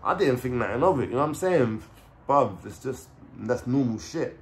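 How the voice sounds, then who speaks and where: A man's voice: medium pitch, expressive, moderate pace. Streetwise London man telling a story. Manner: streetwise slang with swearing. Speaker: vlogger. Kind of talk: casual storytelling.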